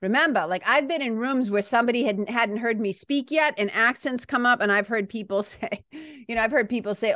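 A woman's voice: a little high, fairly quick, a bit bright, no room sound, clean studio sound. A woman from Massachusetts with a Boston accent, hosting a podcast in a candid, rambling casual monologue with some swearing. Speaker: podcast host.

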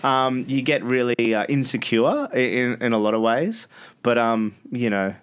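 A man's voice: mid-range voice, fairly even intonation, moderate pace, clear, resonant tone. A man with an Australian accent, a radio host talking as a guest in a casual podcast interview, laid-back and rambling with lots of fillers.

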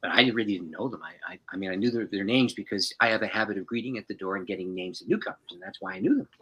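A man who is a pastor, telling a personal story as a podcast guest in an animated way and chuckling often. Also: on the low side, rapid-fire, husky, rough recording.

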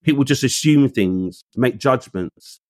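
A man's voice: mid-range voice, animated, a little slow, a little mellow, no echo, clean studio sound. A man, telling a story in casual conversation. He acts out the voices he quotes and uses street slang. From England. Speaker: guest.

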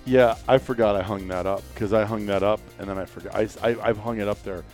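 A man's voice: lowish voice, steady tone, fast talker, a little mellow, faint music behind. A middle-aged man hosting a casual podcast chat, rambling and joking with many fillers and restarts. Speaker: podcast host.

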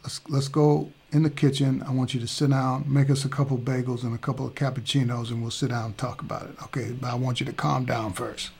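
A male preacher voicing a calm, reassuring older male prophet. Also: mid-range voice, a little fast, creaky, few pauses, close to an everyday voice.

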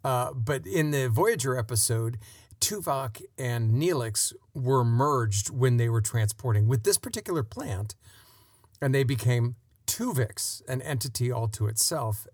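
A man's voice: medium pitch, no echo, studio quality. A man co-hosting a podcast, recapping an episode with enthusiasm and acting out quotes in casual chat. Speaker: podcast co-host.

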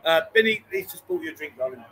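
A man with a high, bright voice chats easily as host of a live stream from a bar, joking with the people around him and calling them mate and darling. A light hiss and soft bar ambience sit behind him. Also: animated, fast, poor audio. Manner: chatty, jokey, calls people mate and darling. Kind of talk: casual live-stream chat.

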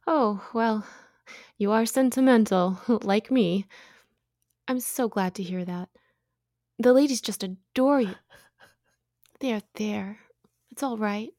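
A woman's voice: medium pitch, slow, long pauses, a little mellow, no echo, clean studio sound. A woman playing a sweet, prying motherly housewife. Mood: soothing. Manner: soothing, coaxing, chatty. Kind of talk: audio drama acting.

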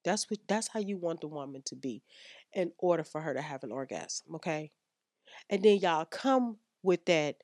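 Blunt low-voiced woman lecturing on sex. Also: expressive, normal speed, darkish tone, no echo, clean studio sound. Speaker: podcast host. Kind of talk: frank sex-advice podcast talk.

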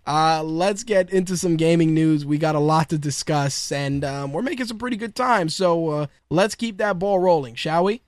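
A man's voice: fairly high pitch, normal speed, few pauses, dry recording, studio quality. A man hosting his own podcast in casual solo talk, rambling, laughing often and swearing freely. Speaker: podcast host.

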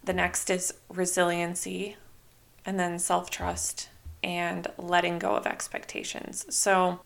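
A young woman hosting her own podcast in a casual, chatty way, full of "like" and "you know", now and then quoting herself in lively voices. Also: fairly low pitch, slow pace, vocal fry. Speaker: podcast host. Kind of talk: casual solo podcast talk.

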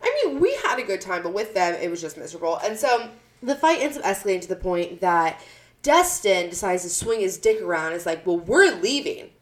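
Woman, podcast host, blunt, swears a lot, animated storyteller, casual chat. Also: fairly low pitch, brisk. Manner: blunt, profane, animated retelling.

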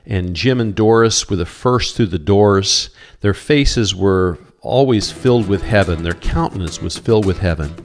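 A middle-aged male pastor delivering a sermon in a fairly low voice. He speaks earnestly and cites scripture verse by verse. He stumbles now and then on doubled words. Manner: earnest, stammers on repeated words.

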